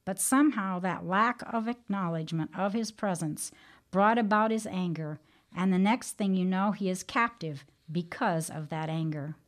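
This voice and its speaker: A woman giving a devotional radio teaching in a measured, earnest, plain-spoken way. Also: on the low side.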